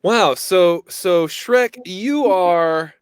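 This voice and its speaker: A man's voice: high-pitched, smooth, no room sound. Dry-voiced straight-faced man interviewer. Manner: playing along straight-faced, halting restarts. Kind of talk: comedic mock interview.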